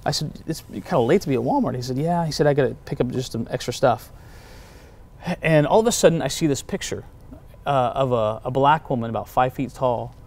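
A man in pastoral ministry tells faith stories in easy conversation. He talks with a moderate, ordinary pitch and slips into the voices of the people he quotes. His delivery is animated and personal. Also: a little fast, vocal fry. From United States. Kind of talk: storytelling testimony in a conversation.

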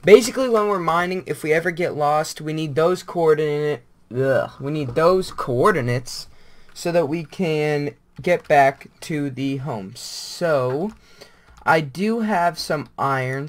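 A man giving casual gameplay commentary, rambling and thinking aloud as he plays. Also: fairly high pitch. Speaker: gamer.

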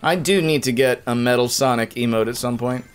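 A young man giving casual, jokey live-stream commentary while playing a video game, with quick bursts of frustration. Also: mid-range voice, clear, resonant tone, soft background music.

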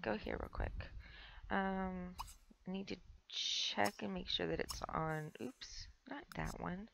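A woman's voice: mid-range voice, takes it slowly, creaky, a bit bright, a little hiss or hum, low-quality recording. A young woman with a stuffy nose giving casual, rambling let's play commentary, chatting to the characters on screen. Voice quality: rambling, filler-heavy, talks to the game characters. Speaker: gameplay streamer.

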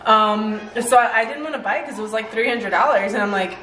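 A woman's voice: medium pitch, fast, few pauses, pushed and bright, far from the mic, slight background noise, low-quality recording. A woman chatting casually in a home vlog, rambling and laughing often as she shows off her purchases. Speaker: fitness vlogger showing purchases. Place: at home, indoors.

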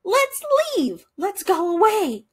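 Woman playing a storybook duck, male, excitable, squeaky-high, breathy, bouncing all over. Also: a little slow, full character voice. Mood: excited. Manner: eager, squealing.

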